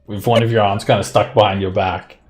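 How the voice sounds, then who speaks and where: Male game master, lower voice, chatty narration full of laughs and "uh"s. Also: level tone, brisk, music in the background. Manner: loose narration with frequent laughs and fillers. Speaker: dungeon master.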